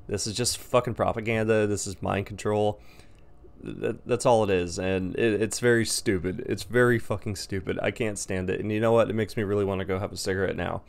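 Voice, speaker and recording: A young man vlogs in a casual, rambling rant. His voice sits low with a gravelly rasp, and he swears bluntly as he goes. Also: steady tone, fairly quick. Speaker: vlogger.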